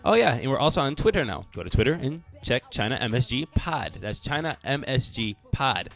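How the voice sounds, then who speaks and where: Male podcast host, upbeat and jokey, mid-pitched, faint music behind. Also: very animated, fairly quick. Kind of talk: casual podcast chat.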